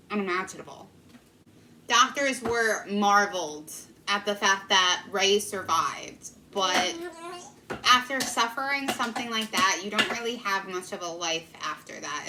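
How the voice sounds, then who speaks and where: A woman's voice: mid-range voice, bright, forceful tone, slight background noise, rough recording. A young woman in her twenties, a vlogger telling a local legend in a casual, earnest and emotional way. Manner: earnest, emotional, filler-heavy. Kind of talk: casual storytelling.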